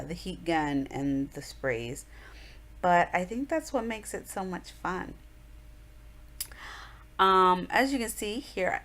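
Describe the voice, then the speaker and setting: A woman's voice: low voice, gravelly, fairly bright tone. A woman in her thirties, chatting through an art journal tutorial in a rambling, casual voice-over with many fillers.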